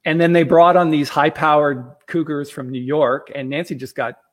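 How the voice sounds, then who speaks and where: A middle-aged man telling stories as a guest on a talk show, acting out the quotes with lively energy. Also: a little high, moderate pace. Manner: animated storyteller, acts out quotes.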